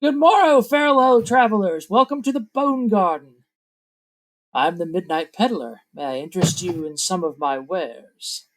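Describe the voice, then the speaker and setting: A man's voice: high-pitched, moderate pace, a little hiss or hum, close to an everyday voice, low-quality recording. A man voicing a jovial, greedy male peddler who drives a cart pulled by undead wolves, with theatrical merchant patter. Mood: cheerful welcome.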